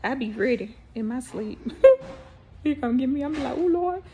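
Playful Southern grandmother with gravelly voice. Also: high voice, a little slow, heavy background noise. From American South. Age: older. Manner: playful, preachy, laughs a lot, sings snippets. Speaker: vlogger. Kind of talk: casual mukbang chat.

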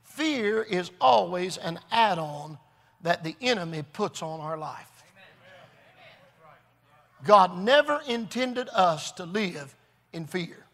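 A male preacher delivering a revival sermon with a strikingly high, bright voice. He hammers his points through repetition and swells toward shouting. A long hall reverb trails behind every phrase. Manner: earnest, repetitive, building to shouts. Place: large church hall.

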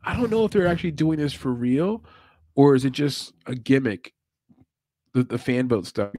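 A man's voice: mid-range voice, moderate pace, warm tone, no room sound. A man hosting a casual live show, talking loosely with many laughs and asides. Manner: laid-back, chatty, laughs often. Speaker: podcast host.

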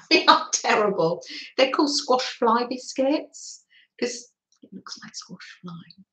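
A woman's voice: a little high, expressive, slow pace, fairly bright tone. A middle-aged British woman hosting a live art stream, chatting casually with viewers and laughing often. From Britain. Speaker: livestream art host. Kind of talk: casual livestream chat. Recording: roomy echo.

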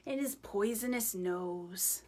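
A woman, a teacher type, reading a picture book aloud to children in a gentle, chatty way. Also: mid-range voice, takes it slowly.

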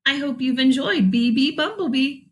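High-voiced upbeat woman music teacher. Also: animated, normal speed. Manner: upbeat, praising, gently instructive. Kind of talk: children's music lesson.

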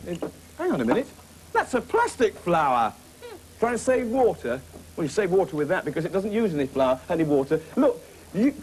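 A man hosting a children's puppet show, playing a brisk, jovial teacher who scolds his puppets. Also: sits high, background noise.

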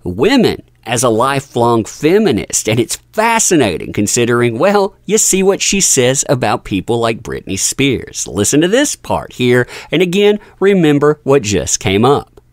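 Animated male commentary host. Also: medium pitch, moderate pace, hardly any pauses, no room sound, clean studio sound. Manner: mocking, incredulous, lively. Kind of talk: commentary over clips.

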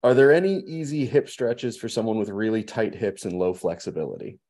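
Friendly male host with a low, mellow voice. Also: brisk. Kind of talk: casual live chat.

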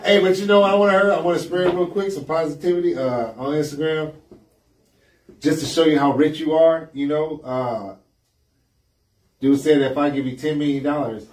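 A man's voice: fairly even intonation, normal speed, pauses often. Laid-back man in casual podcast chat. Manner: laid-back, drops into a low quiet voice to make a point. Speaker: podcast co-host. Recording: echoey room, mic set far off.

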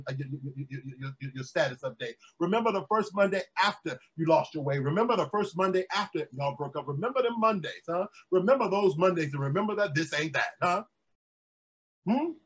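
A pastor delivers a sermon, calling out to his congregation and rising to shouts. His voice is on the high side and husky. The rough recording was made in a closed room whose windows were blacked out for filming.

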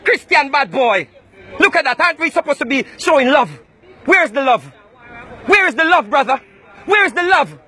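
A man from Jamaica, loudly accusing and taunting people in a heated street confrontation. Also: very high voice, animated, normal speed, pauses often. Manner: loud, accusing, repetitive taunting. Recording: noisy crowd around, outdoors.

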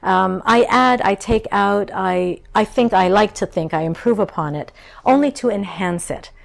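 Creaky-voiced woman telling stories. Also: mid-range voice, normal speed. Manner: warm storytelling, acts out childhood voices. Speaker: chef and cookbook author. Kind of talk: interview conversation.

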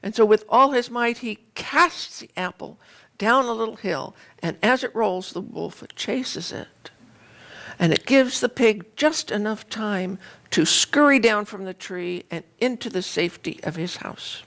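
A woman minister giving a conversational sermon, retelling a fairy tale with lively, animated storytelling. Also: mid-range voice, unhurried.

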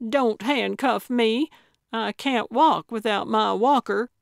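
A woman's voice: mid-range voice, takes it slowly, creaky, no room sound, studio quality. A woman narrator voicing a stubborn, eccentric elderly woman sleuth who talks in an indignant, childish, proud way.

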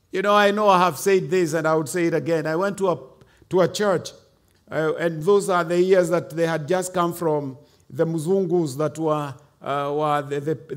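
A Kenyan man delivers a sermon as a bishop, his voice pitched high for a man. He preaches with emphasis and drops in Swahili and Kikuyu asides.

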